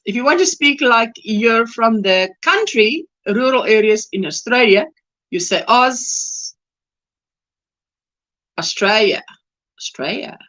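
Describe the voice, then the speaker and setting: Woman with an Afrikaans hosting a chatty livestream, unhurried, bright tone, slightly high voice, laughs a lot. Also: animated. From South Africa. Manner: chatty, laughs often, greets viewers warmly. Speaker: livestream host. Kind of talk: casual livestream chat.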